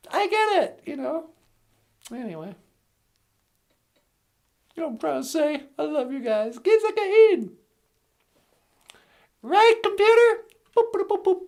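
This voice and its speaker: Woman hosting a goofy little show, high voice, takes her time, chatty. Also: creaky. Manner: chatty, playful, fond of fillers. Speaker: host. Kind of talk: casual comedy show hosting.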